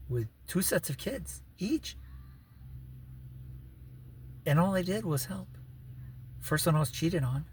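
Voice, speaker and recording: A man's voice: fairly high pitch, creaky, darkish tone, a little hiss or hum. A man rambling through a personal story in a casual vlog, full of "you know" and "right", with wry laughing asides. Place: living in his vehicle.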